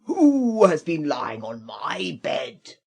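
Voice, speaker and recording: A woman voicing a great big, cross father bear in a storybook reading, speaking slowly and booming. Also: very animated, vocal fry, darkish tone, slightly rough, full character voice.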